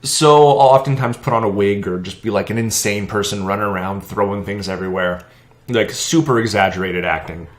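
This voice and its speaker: A young man co-hosting a podcast in casual chat, telling stories with lively energy and acting out the people in them. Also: fairly low pitch, brisk. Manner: animated storyteller, acts out quoted voices. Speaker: podcast co-host. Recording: roomy echo.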